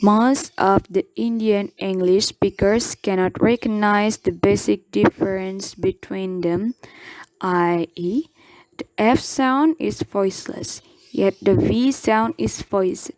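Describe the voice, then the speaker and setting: Young woman student from indonesia reading her class talk real slow, says example words twice, dry close sound. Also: medium pitch, steady tone, darkish tone, no room sound. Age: young adult. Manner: careful, repeats each example word twice. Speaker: university student presenter.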